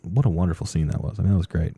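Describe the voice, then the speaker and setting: A man with a lowish, mellow voice hosts a loose podcast chat, reading out news bits and cracking jokes. He swears freely and keeps things casual. The sound is close and dry. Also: rapid-fire, vocal fry, slightly rough, no room sound. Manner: joking, swears freely, reads news items aloud.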